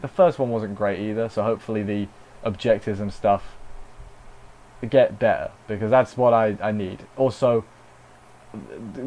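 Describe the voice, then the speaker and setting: A man's voice: fairly low pitch, a little mellow, rough recording. Guy rambling through an anime review, dry sarcastic asides. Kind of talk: casual spoken review.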